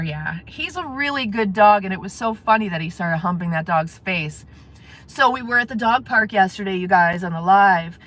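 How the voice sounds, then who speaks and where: A woman's voice: on the low side, a bit bright. A woman live-streaming from her car, chatting casually with viewers and laughing often. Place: in a parked car.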